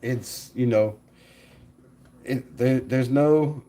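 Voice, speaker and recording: A man hosting a casual live stream, animated, laughing often and talking to his chat. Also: mid-range voice, drawn-out words.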